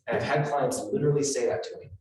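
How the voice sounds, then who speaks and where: A man giving a live real estate training talk to agents, blunt and animated, acting out the people he quotes. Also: medium pitch, fast. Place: training room with an audience. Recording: roomy, echoey hall from far off.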